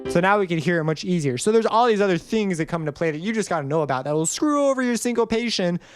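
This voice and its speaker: A man's voice: high-pitched, animated, fast, clear, resonant tone. A young man casually explaining music theory in a tutorial, rambling a little and singing short notes to demonstrate. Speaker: music composition teacher. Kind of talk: screen-recorded tutorial.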